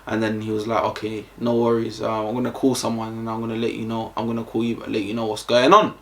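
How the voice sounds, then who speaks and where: A man's voice: on the low side, monotone, quick pace, fairly bright tone, a little hiss or hum. A young man with a London accent, telling a casual storytime vlog in a slangy, rambling way full of fillers. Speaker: vlogger.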